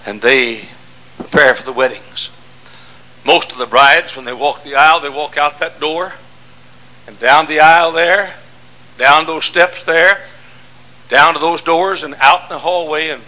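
An older man preaching a sermon, swinging from shouts to hushed storytelling. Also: a little high, low-quality recording.

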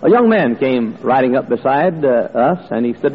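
A man preaches with a husky, slightly breathy voice that carries a long hall reverb. He tells stories in an earnest way, dotted with "uh" fillers. The sound is dull and lo-fi. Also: medium pitch, expressive, normal speed. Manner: earnest storytelling with frequent "uh" fillers. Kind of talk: sermon.

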